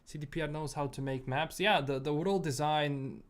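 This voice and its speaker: A young gaming streamer from Bosnia chats casually with viewers at normal speed, answering their questions in an easygoing, rambling way full of fillers and repeats. His voice sits a bit high, and his English blends British and American sounds with a Bosnian edge.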